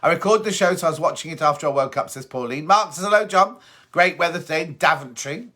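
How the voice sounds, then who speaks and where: A man's voice: a little high, quick pace, bright, forceful tone. A man hosting a casual live stream on his phone, chatting and reading out viewer comments one after another. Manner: chatty, reads out comments and answers them. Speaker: host.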